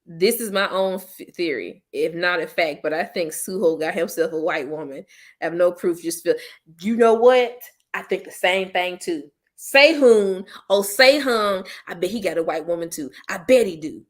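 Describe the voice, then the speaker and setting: A woman hosting her own channel, chatting casually with viewers in a blunt, slangy, teasing way and breaking into loud playful laughter. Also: lowish voice, moderate pace. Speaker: host of a commentary channel. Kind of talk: casual chat reacting to viewers.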